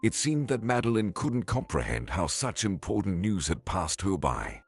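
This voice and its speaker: A man reading a scripted story as narrator, in a steady even way. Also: deep voice, normal speed, slightly rough, faint music behind.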